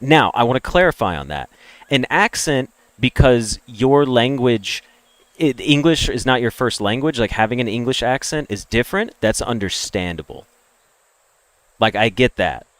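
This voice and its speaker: Streamer, man, General American accent, mid-pitched, opinionated and blunt, dry, close mic. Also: expressive, normal speed, fairly bright tone, no room sound. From American Deep South. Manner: blunt, opinionated, swears freely. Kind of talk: casual livestream rant.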